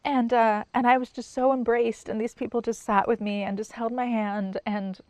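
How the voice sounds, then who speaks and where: A middle-aged woman giving personal testimony in an interview, soft-spoken and halting, with many pauses and restarts, sometimes near a whisper. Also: on the high side, steady tone, no room sound. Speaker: sign language interpreter.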